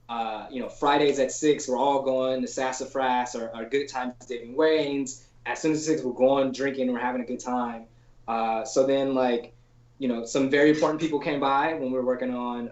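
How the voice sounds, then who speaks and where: Slangy male storyboard artist, echoey call. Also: mid-range voice. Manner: loose and slangy, heavy on "like", swears casually; acts out quoted people in animated voices. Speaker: storyboard artist, podcast guest. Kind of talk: casual anecdotal storytelling in an interview. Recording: roomy, dull lo-fi call audio.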